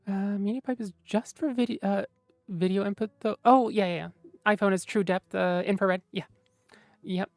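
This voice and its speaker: A woman's voice: medium pitch, fairly even intonation, moderate pace, darkish tone, dry recording, soft background music. A woman streamer chatting casually with her viewers, playful and teasing. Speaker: streamer reading chat. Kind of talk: casual livestream chat.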